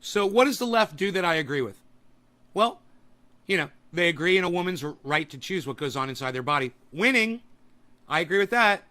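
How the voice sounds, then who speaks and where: A man hosting a political podcast, ranting profanely and breaking into shouts. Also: high-pitched, expressive, a little fast. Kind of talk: angry political rant.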